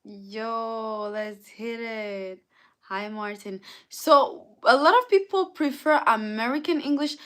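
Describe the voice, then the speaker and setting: A woman's voice: a little high, slow, a bit bright. A young woman hosting a casual live stream, chatting, greeting viewers by name and answering their comments. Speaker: livestream host.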